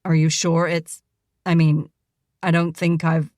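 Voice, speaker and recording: A woman voicing a gruff, wounded male army doctor who speaks curtly. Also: deep voice, flat delivery, measured pace, dry recording, studio quality. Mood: startled. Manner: gruff, curt.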